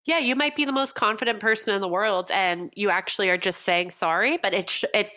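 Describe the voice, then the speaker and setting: A woman's voice: mid-range voice, fairly quick, sharp tone. A young adult woman from Montreal, a guest copywriter, talking candidly in an earnest, coaching tone in a casual podcast conversation. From Canada, Montreal.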